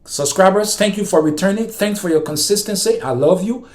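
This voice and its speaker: Impassioned high-voiced Liberian man. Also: fairly quick. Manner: impassioned, ranting, repeats himself. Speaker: vlogger. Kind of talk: political commentary monologue.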